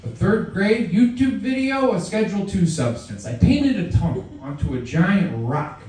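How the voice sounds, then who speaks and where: A man giving a live poetry reading in a theatrical way, jumping between shouted and murmured lines. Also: high voice, very animated, normal speed. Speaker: poet. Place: reading venue. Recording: echoey room, mic far off.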